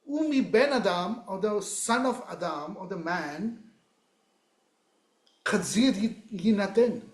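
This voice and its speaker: A man's voice: high voice, a little mellow, echoey room. A man teaching a Torah class, emphatic, repeating words and moving between Hebrew verses and English.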